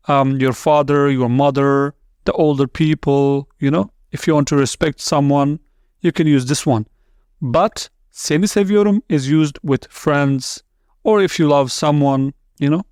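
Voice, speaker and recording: Man, slow teacher, slightly high voice, dry close sound, repeats words for learners. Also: a little mellow, smooth, no room sound. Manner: repeats words slowly, syllable by syllable; non-native English with small grammar slips. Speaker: language teacher. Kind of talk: slow, deliberate language lesson.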